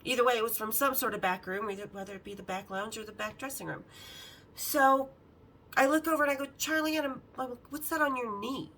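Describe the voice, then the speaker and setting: A woman hosting a podcast, telling candid, bawdy stories in a lively, casual way and acting out the other people in them. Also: a little high, brisk, low-quality recording. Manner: lively, acts out the others' lines in her story. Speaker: podcast host. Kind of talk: casual storytelling.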